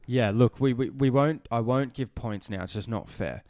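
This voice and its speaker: A man co-hosting a casual gaming podcast, animated and ranting, swearing and restarting sentences. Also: mid-range voice, moderate pace, no echo. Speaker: podcast co-host.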